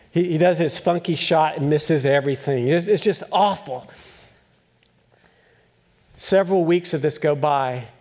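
A male pastor preaching a sermon, telling a story with acted-out voices and chuckles, then asking animated questions. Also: fairly high pitch.

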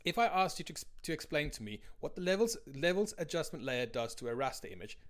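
Brief: conversational male blogger, slightly higher pitch, reads his post with candid asides. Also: very animated, quick pace, fairly bright tone. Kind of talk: casual reading of a blog post.

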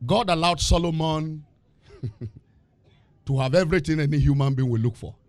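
A male preacher giving a lively sermon, asking the congregation questions and laughing between points. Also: a little high, normal speed, no echo. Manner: animated, call-and-response questions, laughing asides.

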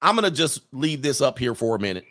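A man's voice: mid-range voice, very animated, quick pace, pushed and bright, a little hiss or hum. A man hosting a casual commentary show, talking bluntly with profanity and mocking jokes, laughing at his own remarks. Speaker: host.

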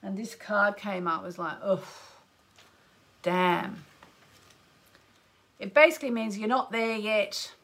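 A woman's voice: normal speed, hardly any pauses, a bit bright. Woman, astrology radio host, chatty, gushing, exclaiming, greets listeners by name. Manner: exclamatory, with sudden upward leaps in pitch. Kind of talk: live radio call-in chat.

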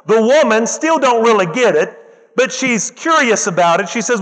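A male preacher with a strikingly high voice delivers an emphatic sermon, repeating lines for weight and calling out to the room. His voice rings with long reverb from a large hall. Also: expressive, normal speed, fairly bright tone. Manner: emphatic, repeats phrases for effect, calls out to the congregation.

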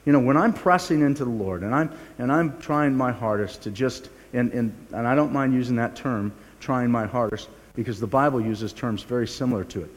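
A man's voice: medium pitch, fairly quick, few pauses. An older male pastor delivers a sermon in an earnest, confessional way, stumbling over restarts and teasing himself along the way. His mid-range voice rings out with a long hall reverb behind it. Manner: earnest, confessional, with frequent restarts and self-mocking humor.

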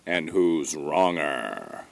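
A man voicing a dramatic male ring announcer who introduces the contenders with slow, drawn-out emphasis. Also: a bass voice, lively intonation, gravelly, full character voice. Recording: announcer voice over loud music.

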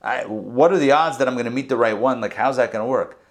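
Animated man teaching scripture. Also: medium pitch, quick pace. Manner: animated storytelling, acts out the verses. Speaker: rabbi. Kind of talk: Torah class teaching.

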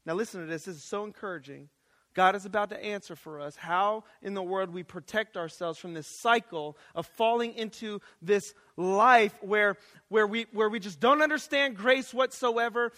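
A man in his thirties preaching a lively chapel sermon, talking casually and swinging from hushed asides to sudden shouts. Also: sits high. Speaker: chapel speaker. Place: college chapel. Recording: long reverb of a chapel hall.

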